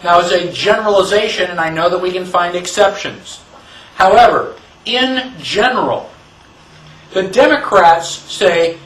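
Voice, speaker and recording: A man with a high voice gives an emphatic classroom lecture and keeps asking his listeners rhetorical questions. He sounds distant from the microphone, and the room around him echoes. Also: unhurried, a bit bright. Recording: echoey room, mic far off.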